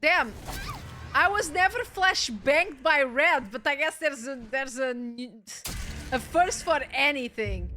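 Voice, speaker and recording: A woman's voice: high-pitched, slow, soft background music. A woman streaming a game, chatting casually and reading the game's lines aloud in playful voices. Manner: animated, swearing, reads game lines aloud in character voices.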